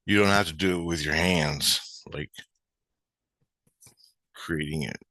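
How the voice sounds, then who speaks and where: A man with a deep, low voice rambles through a spiritual experience at an unhurried pace. His talk meanders and circles back, casual and sprinkled with swearing. The sound is dry, with no room around it. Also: bright, forceful tone, no echo. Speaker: vlogger.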